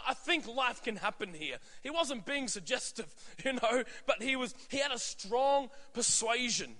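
A man's voice: very high voice, pushed and bright. A man in his thirties preaching a sermon as pastor, conversational with frequent fillers and asides. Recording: long hall reverb.

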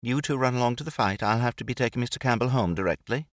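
A man voicing a poised, teasing woman who talks in a brisk, dry, mocking way. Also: medium pitch, dry recording, voice pushed up, close to an everyday voice.

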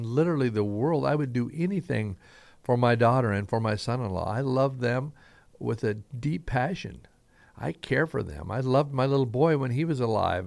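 A man's voice: medium pitch, gravelly, darkish tone, no echo. A middle-aged man from Southern Idaho with a slight Southern twang, preaching a folksy, rambling, earnest radio sermon as a pastor.

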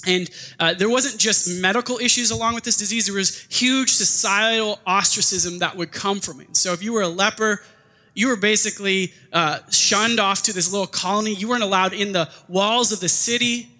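A man's voice: high-pitched, moderate pace. A man preaching a sermon in a casual, conversational way, often acting out what people say. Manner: conversational, animated preaching with acted-out quotes. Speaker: pastor. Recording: long hall reverb.

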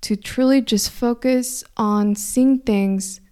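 Brief: young woman, slight Mexican Spanish accent, higher-pitched, smooth clear voice, earnest motivational storyteller. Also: steady tone, takes it slowly, dark tone. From California. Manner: earnest, thoughtful, frequent restarts. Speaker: speaker.

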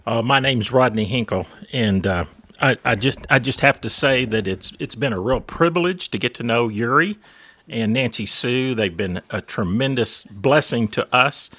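A man giving a modest, halting encouraging message in a soft voice. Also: mid-range voice.

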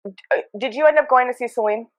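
A woman hosting a casual chat, animated and acting out quoted dialogue. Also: a little high, a little fast, no room sound, rough recording. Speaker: podcast host.

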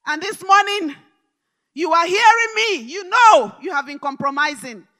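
A woman preacher delivering a live church sermon, fervent and repetitive, rising to shouted declarations. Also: very high voice, animated, moderate pace. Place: large church hall service.

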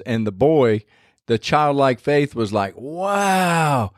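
A man's voice: mid-range voice, a little mellow, no room sound, clean studio sound. A man hosting a devotional podcast, talking in a rambling, conversational way with many restarts. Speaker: podcast host.

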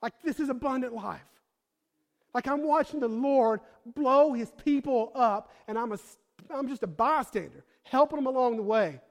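A young man with a fairly high voice preaches in a church, talking the way he would with friends, full of "like" and "bro". He swings between hushed, intimate storytelling and loud, fired-up emphasis. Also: normal speed. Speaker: pastor. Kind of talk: sermon.

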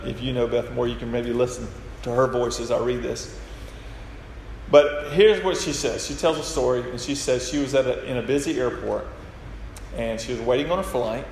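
A man preaching a sermon, retelling stories and acting out the quoted lines. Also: mid-range voice. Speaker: pastor. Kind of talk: sermon with storytelling. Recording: echoey hall with faint noise.

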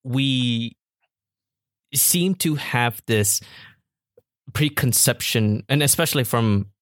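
A man's voice: mid-range voice, takes it slowly, dry recording, studio quality. A man hosting a podcast, thinking aloud with curiosity and some hesitation as he talks with his guest. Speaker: podcast host. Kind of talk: podcast conversation.

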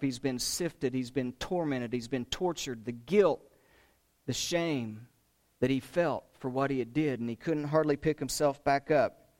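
A man preaching a sermon, retelling a story with emphatic rises and hushed drops. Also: mid-range voice. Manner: emphatic, dramatic retelling with rising and falling intensity.

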